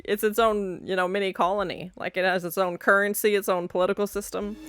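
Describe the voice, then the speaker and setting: A woman's voice: mid-range voice, fairly even intonation, fast talker. A woman hosting a reaction video, chatting casually and laughing as she comments on an old TV episode. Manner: chatty, laughing, playful asides. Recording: music from the show playing behind.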